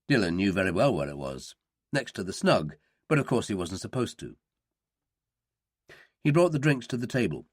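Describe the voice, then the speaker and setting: Lively male audiobook narrator, dry close mic. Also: normal speed, pauses often, slightly rough, no echo. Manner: reads character voices with lively pitch.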